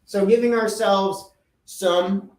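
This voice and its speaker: A man's voice: sits high, fairly even intonation, slow, darkish tone. A man hosting a podcast, giving a casual motivational talk in an earnest, emphatic way and repeating his key phrases. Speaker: podcast host. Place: indoor room with a whiteboard. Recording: echoey room, voice from off-mic.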